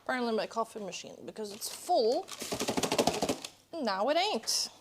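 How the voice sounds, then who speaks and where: Young female streamer, bit higher voice, chatty and teasing, talking to chat from home. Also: very animated, normal speed, very noisy. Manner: playful, chatty, reads and answers chat. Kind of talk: casual live-stream chat. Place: indoors at home, kitchen.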